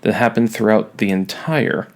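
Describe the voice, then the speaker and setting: A man's voice: fairly low pitch, moderate pace. A man teaching a recorded online lesson, talking students through a poem with wry, self-mocking asides.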